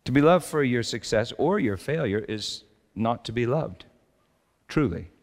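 A male pastor preaching a reflective sermon, slowing down to stress his key lines. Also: mid-range voice, animated. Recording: long hall reverb.

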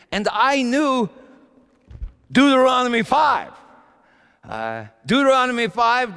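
A man's voice: in a large hall, exaggerated voice. A man playing a fiery, repentant Paul. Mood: fervent. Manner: swings from low murmurs to shouted peaks; stammering restarts and repeated words. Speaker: church speaker in character. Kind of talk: dramatic first-person sermon monologue.

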